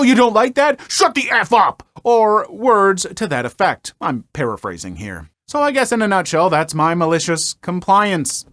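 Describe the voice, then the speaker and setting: A man narrating online stories in a wry, conversational way with an animated delivery. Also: fairly high pitch, dry recording. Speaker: story narrator.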